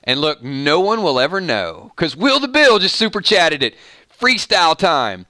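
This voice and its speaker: A man's voice: fairly high pitch, sing-song, moderate pace, bright, forceful tone, no echo. A man with a Southern US accent hosting a live stream, chatting casually and joking as he reads viewer comments aloud.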